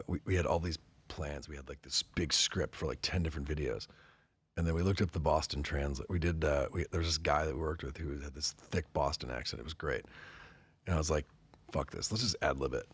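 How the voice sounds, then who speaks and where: Guest role: deep husky man, profane animated storyteller, dry close sound. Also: no echo. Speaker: guest, company representative. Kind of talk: casual podcast chat.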